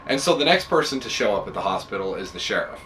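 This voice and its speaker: A man hosting a podcast who retells a story in a casual, animated way, with many fillers. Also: on the low side, fast, far from the mic, slight background noise, rough recording. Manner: animated, relaxed, filler-heavy. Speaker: podcast host.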